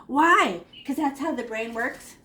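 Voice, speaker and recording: A woman teaching an online art class to children from her room at home, talking in an animated, encouraging way over a video call. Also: sits high, a little slow. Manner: animated, encouraging, talks to kids.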